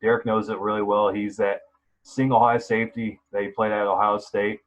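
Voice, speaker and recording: A man's voice: on the low side, flat delivery, fairly quick, low-quality recording. A man hosting a sports podcast, talking casually and rambling with many fillers and restarts. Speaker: podcast host.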